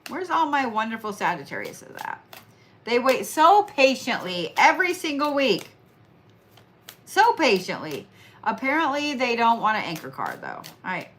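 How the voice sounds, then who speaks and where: A woman's voice: a little high, huge pitch swings, moderate pace, fairly bright tone, a little hiss or hum. Tired young woman w oklahoma accent reading horoscopes, chatty, teasing, says stuff twice. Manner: chatty and teasing, repeats phrases for emphasis. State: tired, yawning. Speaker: astrology and reiki livestream host.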